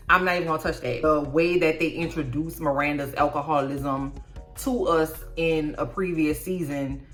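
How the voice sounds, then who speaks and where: Sassy bright-voiced woman recapping a show. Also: low voice. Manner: sassy, animated, talks straight to viewers. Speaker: TV recap host. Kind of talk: casual episode recap commentary.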